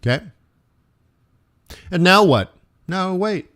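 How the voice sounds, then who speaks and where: A man's voice: high-pitched, expressive, takes it slowly, fairly bright tone. A man hosting a live forex trading stream, talking through charts in a casual, rambling way with joking asides.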